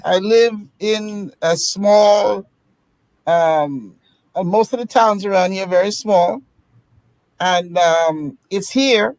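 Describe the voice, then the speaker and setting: A woman on a casual online panel discussion, speaking in a measured way and giving practical advice. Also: mid-range voice, darkish tone, no echo, low-quality recording. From United States.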